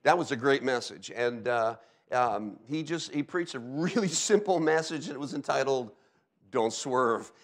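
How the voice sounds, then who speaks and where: A man's voice: medium pitch, lively intonation, moderate pace. A middle-aged man from Delaware preaching a sermon as a pastor, telling stories with sound effects and frequent "okay?" asides. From Delaware, USA.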